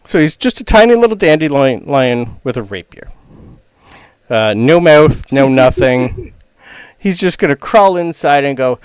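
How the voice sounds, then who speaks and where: A man's voice: medium pitch, animated, measured pace, clean tone, dry recording. A man narrates a tabletop game as game master in an ordinary mid-range voice. His scene-setting is casual and rambling, full of fillers. The sound is dry and close to the mic.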